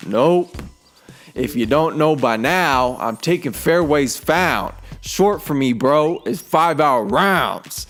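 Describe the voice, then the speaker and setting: A man voicing a proud old male golfer who raps boasts about his straight game in a measured, rhythmic delivery. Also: mid-range voice, creaky. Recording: faint game music behind.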